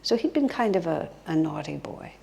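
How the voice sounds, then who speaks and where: A woman's voice: sits low, sing-song, moderate pace, creaky, darkish tone. A woman giving a spiritual talk as a guest teacher, telling stories expressively and dropping to a whisper for emphasis. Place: retreat hall. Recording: long hall reverb.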